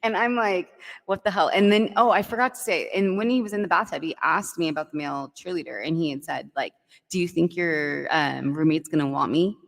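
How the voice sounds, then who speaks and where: Low-pitched woman, casual podcast storyteller, animated and filler-heavy, roomy reverb. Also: brisk, creaky. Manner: animated, heavy use of "like" and "right?". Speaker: guest storyteller.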